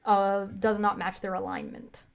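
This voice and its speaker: A woman's voice: mid-range voice, huge pitch swings, normal speed. A woman narrating a tabletop game as game master, loose and chatty with plenty of ums and laughs.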